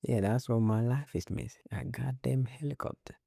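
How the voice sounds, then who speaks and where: A man's voice: mid-range voice, moderate pace, creaky, mellow, slightly rough, dry recording, studio quality. A man hosting a casual solo talk show, rambling in a laid-back way, swearing often and laughing at his own jokes. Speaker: podcast host.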